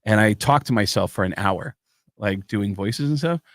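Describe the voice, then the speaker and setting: A comedian from Tucson, Arizona, telling a story as a podcast guest. He is animated, curses often and slips into the voices of the people in his story. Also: lowish voice, moderate pace, no room sound, studio quality. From Tucson, Arizona, USA. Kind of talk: casual storytelling chat.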